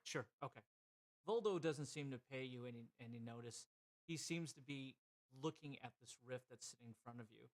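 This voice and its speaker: A man running a tabletop role-playing game as game master, narrating scenes with relaxed, joking asides. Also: medium pitch, fairly quick.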